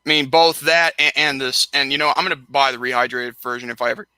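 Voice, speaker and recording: A man's voice: medium pitch, steady tone, quick pace, sharp tone, clean tone, no echo. A young man hosting a casual live-stream chat, rambling and tripping over his words as he repeats himself while he rants.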